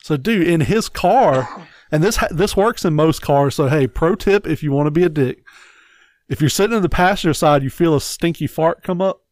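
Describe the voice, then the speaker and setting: A man with a fairly high voice chats on a podcast, swearing freely and spinning loose, rambling stories. The sound is dry and close, with no room echo at all. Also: normal speed. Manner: profane, rambling storyteller. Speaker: podcast co-host. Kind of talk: casual chat.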